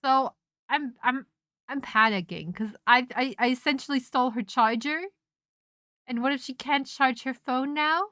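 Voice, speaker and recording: A young woman streamer in casual chat, telling a rambling, animated story full of restarts and self-interruptions. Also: sits high, moderate pace, no echo, studio quality. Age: young adult.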